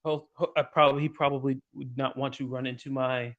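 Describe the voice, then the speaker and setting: A man's voice: medium pitch, little pitch movement, fairly quick, a bit bright, highs cut off. A man playing a tabletop game, speaking in character as a boastful folk hero in a jokey way. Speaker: player.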